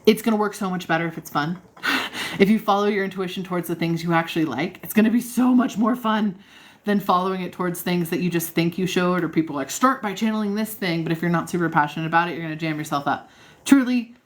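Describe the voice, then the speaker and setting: A woman's voice: on the low side, quick pace. A woman hosting a casual livestream, answering viewer questions in a bubbly, encouraging way and laughing often. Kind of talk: casual live chat.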